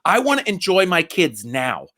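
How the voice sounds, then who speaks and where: A man in his thirties, a comedian guest chatting casually and excitably, swearing and joking about his kids. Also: high-pitched, normal speed. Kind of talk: casual podcast chat.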